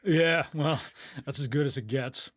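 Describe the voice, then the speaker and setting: A man's voice: on the high side, measured pace, a little hiss or hum. Laid-back joking male co-host. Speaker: podcast co-host. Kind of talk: casual chat.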